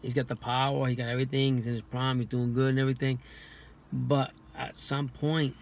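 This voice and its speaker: Male boxing guest, flat monotone, halting speech with restarts. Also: medium pitch, creaky. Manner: halting, many restarts and repeated words. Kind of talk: casual podcast chat.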